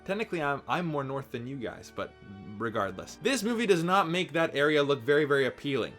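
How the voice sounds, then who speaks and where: A man's voice: on the high side, sing-song, a little fast, a bit bright, faint music behind. Chatty Canadian man reviewing a movie. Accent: Canadian English. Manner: chatty and candid, swears casually. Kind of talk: casual video review.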